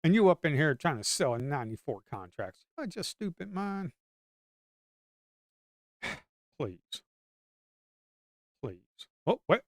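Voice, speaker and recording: Excitable guy talking through his trades live, mutters then gets loud, clean dry audio. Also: a little high, slow pace, pauses often, dry recording. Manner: excitable and slangy, swinging from muttering to loud hype. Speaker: live-stream day trader. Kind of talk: casual live commentary on trading.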